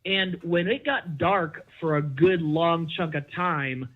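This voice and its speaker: High-voiced man telling an animated story. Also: takes it slowly. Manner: animated, emphatic, acts out dialogue in his stories. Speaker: podcast guest. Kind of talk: conversational storytelling. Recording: dull lo-fi sound.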